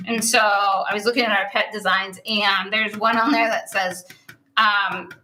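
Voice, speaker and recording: A woman's voice: medium pitch, fairly even intonation, a little slow, sharp tone, a little hiss or hum, low-quality recording. A woman co-hosting a crafting livestream, chatting casually and laughing as she works, full of "like" and "oh my gosh.". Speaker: co-host of a stenciling livestream. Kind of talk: casual chat while crafting.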